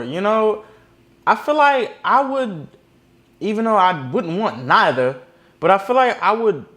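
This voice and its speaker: A man hosting a reaction video, talking bluntly and with heavy swearing as he comments on clips. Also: sits high. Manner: blunt, profane, animated.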